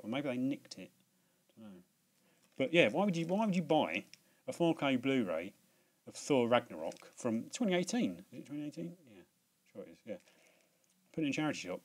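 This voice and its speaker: A man's voice: mid-range voice, lively intonation, normal speed, pauses often. A British man hosting a video in casual chat, rambling with many restarts and fillers and laughing at himself. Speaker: video host.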